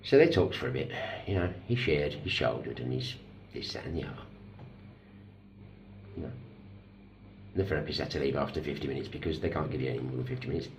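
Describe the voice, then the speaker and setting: A middle-aged man, a recovering addict speaking candidly in a personal vlog, blunt and self-deprecating, telling a story slowly with pauses. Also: extremely low pitch, expressive, vocal fry, a little hiss or hum.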